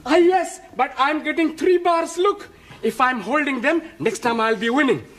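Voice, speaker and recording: High-pitched fussy man, formal broken English. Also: normal speed, fairly bright tone. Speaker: sitcom character, student. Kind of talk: sitcom acting. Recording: old TV sitcom audio, faint hiss.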